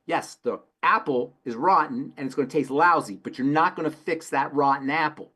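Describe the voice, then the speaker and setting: A man's voice: a little high, moderate pace, sharp tone, breathy edge. A man working as a pharmacist, answering health questions in an emphatic way and repeating phrases for stress. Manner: emphatic, repeats phrases, tells folksy stories. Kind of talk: call-in health talk.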